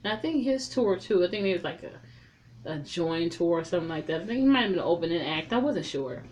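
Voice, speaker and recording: A woman's voice: on the low side, animated, brisk, darkish tone, a little hiss or hum. A woman reviewing a film in a casual, rambling recap, swearing freely and drifting off on tangents. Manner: rambling, profane, loose and chatty.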